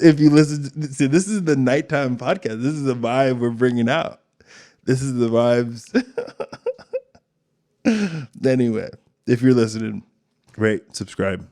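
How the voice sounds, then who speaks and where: A man's voice: medium pitch, unhurried, pauses often, mellow. A man hosting a podcast, talking in a casual, candid and rambling way, with plenty of swearing. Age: adult father of two. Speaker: podcast host.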